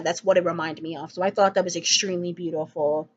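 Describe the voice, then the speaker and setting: A woman's voice: on the low side, fairly even intonation, fast talker, dull audio, slight background noise. A woman giving a casual spoken album review, enthusiastic and rambling, with frequent ums and restarts.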